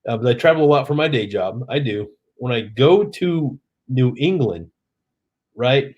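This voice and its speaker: A man's voice: mid-range voice, expressive, measured pace, darkish tone, muffled recording. Tipsy Oklahoma man chatting on a stream. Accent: Southern US (Oklahoma). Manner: chatty, reading viewer comments aloud. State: tipsy from drinking. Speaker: live stream host. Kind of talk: casual late-night live stream chat.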